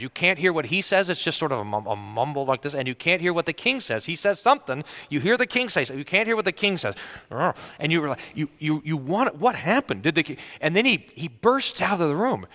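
A man's voice: fairly high pitch, sing-song, a little fast, bright, forceful tone. A male pastor preaching a sermon in a conversational storytelling manner, often restarting his sentences.

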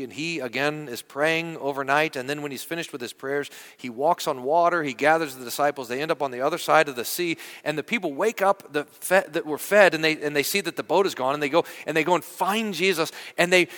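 Animated male pastor preaching in a reverberant hall. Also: on the high side. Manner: conversational, animated, many restarts and repeated words. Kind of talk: sermon. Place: church.

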